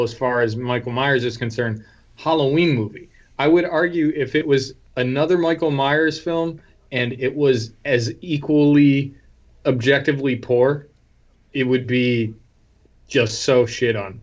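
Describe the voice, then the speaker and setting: A man's voice: mid-range voice, muffled recording. A man co-hosting a film podcast, chatting casually and wryly, hedging his opinions and restarting sentences. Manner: hedging, wry, lots of restarts. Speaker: podcast co-host.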